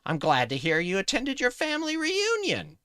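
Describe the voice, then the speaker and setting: Guy doing a squeaky mocking pirate, sneery insults thrown hard, dry sound. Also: wildly swooping pitch, moderate pace, bright, forceful tone, smooth, no room sound, exaggerated voice. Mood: taunting. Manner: taunting, mocking, high-pitched. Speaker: streamer reading enemy pirate lines.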